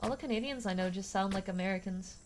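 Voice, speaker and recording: A woman's voice: mid-range voice, quick pace, background noise. A young woman streaming a game, chatting casually in a rambling, self-deprecating way and laughing often. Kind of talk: casual live-stream chat while gaming.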